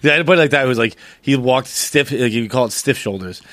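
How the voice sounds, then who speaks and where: A man in casual chat, cracking quick jokes and swearing. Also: medium pitch, a bit bright, no echo.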